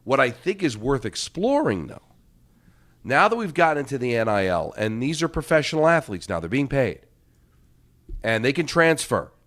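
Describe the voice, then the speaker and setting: A middle-aged man co-hosting a sports talk show, laying out a measured argument with rhetorical questions. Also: mid-range voice, sing-song, fairly bright tone. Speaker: sports radio co-host. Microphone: studio microphone.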